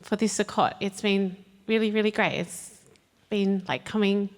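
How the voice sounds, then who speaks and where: A woman's voice: medium pitch, fairly even intonation, normal speed. A woman from a congregation speaking nervously, with ums and little laughs. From Australia. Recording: long hall reverb.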